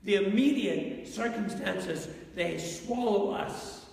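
A man's voice: high-pitched, takes it slowly, gravelly, darkish tone. A male pastor preaching a sermon in a church, talking in a conversational way and asking the congregation questions. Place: church sanctuary. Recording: echoey hall from far off.

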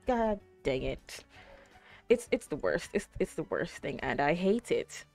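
A woman's voice: sits low, huge pitch swings, normal speed, gravelly, faint music behind. A young woman streaming live, chatting casually with her viewers in a rambling way full of fillers. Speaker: Twitch streamer.

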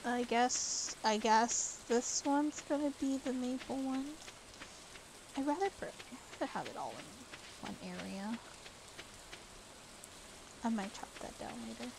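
A young woman streaming a game, chatting to herself in casual commentary with sudden loud outbursts. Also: fairly high pitch, expressive, a little slow, vocal fry, pauses often, noisy background.

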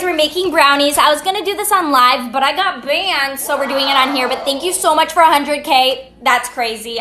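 A young woman vlogger chats in an upbeat, goofy way, narrating a casual vlog over background music. Her voice is high-pitched and sharp, with a slight hiss or hum.

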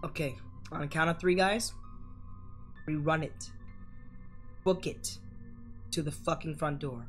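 A woman's voice: deep voice, unhurried, pauses often, soft background music. A woman narrating her own horror game playthrough with profane, jokey, dramatic commentary. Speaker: gaming YouTuber. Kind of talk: horror game let's play.

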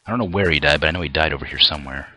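A man's voice: extremely low pitch, rapid-fire, sharp tone. A young man commenting on his own gameplay, often frustrated and ranting at the game with mild swearing. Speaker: gameplay video creator.

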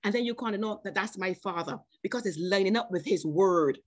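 A woman preaching a sermon at a church service, speaking personally to members of the congregation and stretching out slow scripture quotes between bursts of emphasis. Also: mid-range voice. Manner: chatty, personal asides to named congregation members. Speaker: guest preacher.

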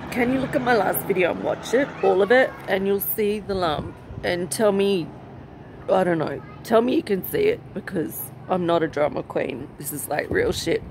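Slow, emotional woman vlogging. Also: mid-range voice, noisy background. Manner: emotional, halting and rambling. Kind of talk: personal vlog update. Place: outdoors with passing aircraft.

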